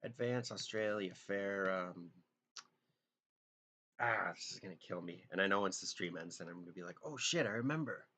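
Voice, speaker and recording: A man's voice: low-pitched, flat delivery, normal speed, bright, forceful tone. A young man chatting casually on a live drawing stream, rambling and joking, trailing off into half-remembered song lines.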